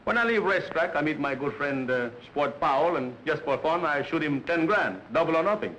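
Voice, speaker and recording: Chuckling gambler. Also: male voice, on the high side, expressive, a little fast, a bit bright, poor audio. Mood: jovial. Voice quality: broken English, chuckling often. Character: boisterous immigrant gambler, big talker. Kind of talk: 1930s film dialogue.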